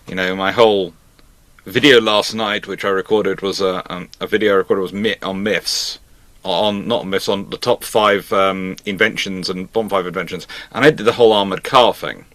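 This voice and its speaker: Bright-voiced man chatting. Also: lowish voice, no echo. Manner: animated, acts out voices in anecdotes. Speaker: history channel host. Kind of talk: casual conversation.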